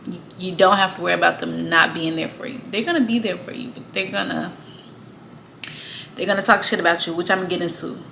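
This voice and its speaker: A woman's voice: on the low side, fairly even intonation, fast, vocal fry, sharp tone, a little hiss or hum. A woman talking casually to camera, blunt and slangy, swearing freely and laughing between points. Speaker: astrology vlogger. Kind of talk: casual monologue.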